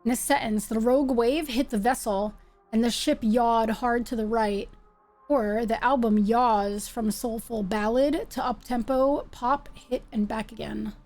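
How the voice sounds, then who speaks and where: A woman's voice: a little high, fairly even intonation, unhurried, a little mellow, soft background music. A woman hosting a live stream, chatting playfully with her viewers while she plays a game. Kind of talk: casual live-stream chat while gaming.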